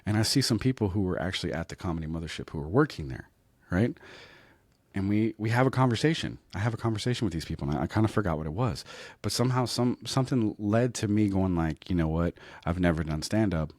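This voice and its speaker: A man, a comedian and podcast host, telling a comic story in a casual, animated, self-mocking way, often asking "right?". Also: on the low side, fast talker, dry recording.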